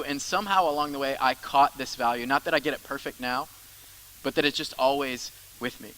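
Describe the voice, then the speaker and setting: A man's voice: mid-range voice, fairly quick, fairly bright tone, low-quality recording. A man preaching a sermon as the church's pastor, in a conversational style with asides and repeated phrases.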